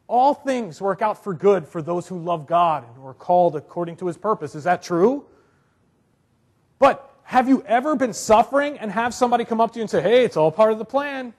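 A man's voice: high-pitched, animated, brisk. A man preaching a sermon in a conversational way, acting out little quotes and often asking "right?". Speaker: pastor.

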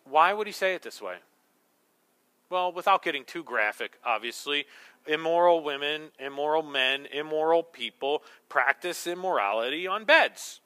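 A man preaching a sermon as pastor, swinging between hushed, slow words and loud, emphatic ones. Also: on the high side, lively intonation.

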